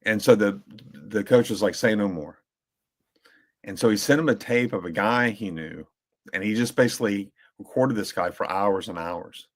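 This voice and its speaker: A man co-hosting a podcast in casual chat, telling stories in a rambling way with many restarts and fillers. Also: fairly low pitch. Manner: briefly mimics slow drawling voices when quoting. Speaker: podcast co-host.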